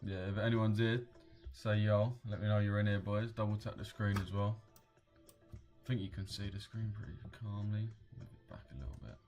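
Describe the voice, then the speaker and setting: Over soft background music and lo-fi sound, a young man with a British accent runs a casual trading livestream. He speaks at a moderate pace in a fairly low, darkish voice, relaxed and slangy, reading viewers' comments aloud.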